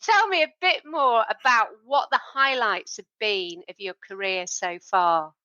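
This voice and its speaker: Lady hosting an interview show, bright crisp voice, upbeat and eager. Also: mid-range voice, measured pace, lo-fi sound. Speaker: interview host. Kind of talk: podcast interview.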